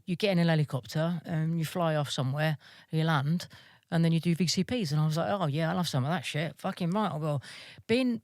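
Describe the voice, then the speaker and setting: A woman's voice: sits low, no room sound, studio quality. A woman army veteran being interviewed, telling stories casually, swearing freely and laughing as she goes.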